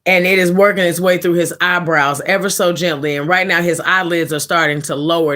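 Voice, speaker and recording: Profane, animated woman storyteller. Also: lowish voice, brisk, hardly any pauses. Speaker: live streamer. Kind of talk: casual storytelling.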